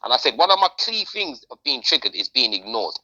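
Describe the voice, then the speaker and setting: Animated, slangy podcast host. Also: mid-range voice, a little fast, low-quality recording. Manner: animated, slangy, repeats phrases. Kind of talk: casual chat.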